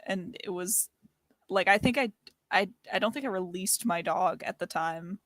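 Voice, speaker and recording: A woman chatting during a tabletop game, excitable and emphatic. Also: mid-range voice, normal speed, no echo, clean studio sound. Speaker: player. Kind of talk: casual chat at a tabletop game.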